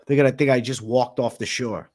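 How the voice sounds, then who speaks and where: Young man, from Massachusetts, livestream host, casual chat, constant swearing, mid-pitched voice. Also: steady tone, a little fast, a little mellow. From Massachusetts, USA. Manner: loose and profane, swears constantly. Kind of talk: casual livestream chat, reading viewer comments.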